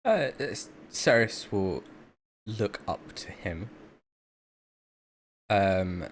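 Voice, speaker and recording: A man describing his character's moves at a tabletop game. His voice sits low and he talks very slowly, pausing and filling gaps with ums and likes. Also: lively intonation, a little hiss or hum. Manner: hesitant, many fillers. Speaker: player. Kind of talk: casual tabletop play.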